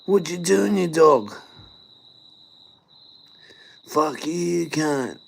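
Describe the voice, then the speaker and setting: A man voicing a brash young male street hustler in Australian eshay slang, high, loud and swaggering. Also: lively intonation, takes it slowly, gravelly, heavily acted, poor audio. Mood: cocky. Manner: wheedling and aggressive, calls everyone brother.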